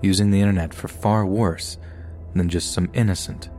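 Man, very low voice, scripted horror narration, steady delivery, soft music underneath. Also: moderate pace. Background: faint background music.

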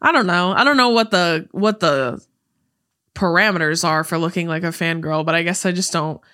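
Bright and forceful in tone, with a lowish pitch and normal speed, this young woman chats casually as a podcast co-host. She fills her talk with fillers and laughs frequently.

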